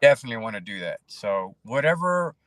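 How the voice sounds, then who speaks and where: A man in casual podcast conversation as a guest, talking in an animated, preachy way and acting out quoted voices. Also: mid-range voice, a little fast.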